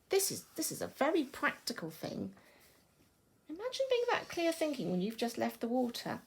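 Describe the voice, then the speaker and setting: A woman's voice: sits high, wildly swooping pitch, moderate pace, vocal fry, breathy edge. A woman with an English accent, a primary school teacher, giving a recorded lesson and explaining patiently and expressively.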